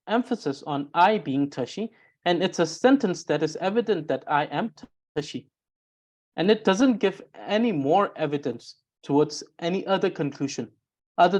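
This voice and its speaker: Low-voiced woman explaining grammar. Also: a little mellow. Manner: careful, repeats and rephrases points, frequent "uh". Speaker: Tibetan grammar teacher.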